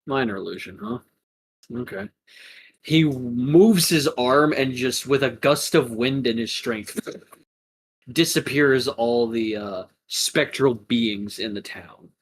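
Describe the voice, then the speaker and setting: A man's voice: medium pitch, slow pace, slight background noise. Man, game master, tabletop narration, casual, filler-heavy. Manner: animated, casual with many fillers.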